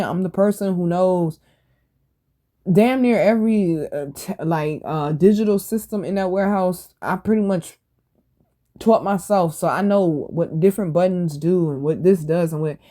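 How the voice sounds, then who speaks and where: A woman hosting a podcast, telling stories in a casual, animated and blunt way, full of slang and swearing. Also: lowish voice, normal speed. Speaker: podcast host. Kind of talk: casual storytelling monologue.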